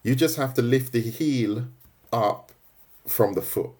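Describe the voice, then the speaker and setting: A man's voice: mid-range voice, slow pace, darkish tone. A man leading a live drawing tutorial, chatting casually with his viewers and often checking in with "right?" and "mate". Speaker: art tutor streaming live.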